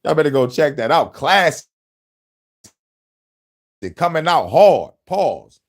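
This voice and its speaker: A man's voice: a little high, big pitch swings, slow pace. A man hosting casual podcast talk, boastful and profane, breaking into laughter often. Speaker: host.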